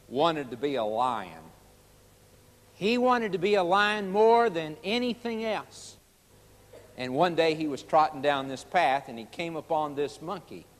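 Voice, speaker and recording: Animated high-voiced male preacher. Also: long reverb tail. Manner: emphatic, folksy, direct address. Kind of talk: sermon.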